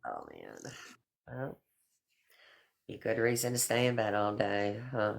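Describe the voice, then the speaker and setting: A woman's voice: very deep voice, huge pitch swings, takes it slowly, vocal fry. A middle-aged woman hosting a casual live stream chat, talking in a chatty, affectionate way and calling people honey and girl.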